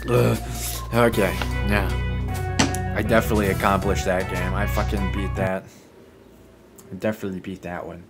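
A man's voice: deep voice, little pitch movement, moderate pace, pauses often, loud music behind the voice. A man giving casual gameplay commentary, profane and easily startled. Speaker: gaming video creator.

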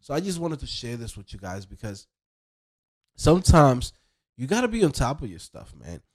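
A man's voice: mid-range voice, big pitch swings, normal speed. A young man hosting a casual vlog, talking to viewers in a rambling, conversational way full of fillers. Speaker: web developer and channel host.

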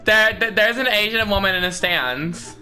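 A man's voice: high-pitched, moderate pace, pushed and bright, soft background music. A man hosting a gaming channel, taunting his opponent with sing-song jokes and meows while playing. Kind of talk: trash-talking game commentary.

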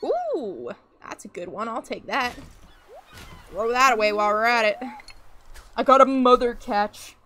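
A woman's voice: on the high side, big pitch swings, a little slow, pauses often, pushed and bright, soft background music. A young adult woman streaming a farming game, chatting casually to viewers and humming little sounds to herself as she plays.

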